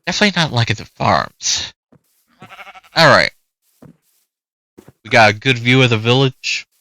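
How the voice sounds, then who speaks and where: A chatty male gamer commenting casually on his play, with a bright, forceful voice. He talks to the animals on screen as he goes. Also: mid-range voice, animated, unhurried, dry recording. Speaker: gaming youtuber.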